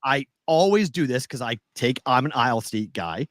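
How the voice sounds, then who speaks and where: A man's voice: medium pitch, expressive, moderate pace, fairly bright tone, dry recording. A man co-hosting a casual chat show, telling a story with animation and acting out both sides of the conversation. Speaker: podcast co-host.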